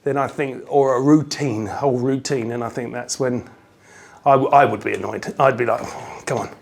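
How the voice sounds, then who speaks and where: A comedian chatting loosely and playfully in an interview. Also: male voice, mid-range voice, steady tone, moderate pace, creaky, a little hiss or hum. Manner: loose, joking, rambling, playful. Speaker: comedian guest. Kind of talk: casual interview chat.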